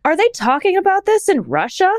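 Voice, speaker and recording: A woman's voice: extremely high pitch, wildly swooping pitch, fairly quick, no echo, studio quality. A young adult woman co-hosting a podcast, chatting casually with playful, teasing banter. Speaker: podcast co-host. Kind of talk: casual chat.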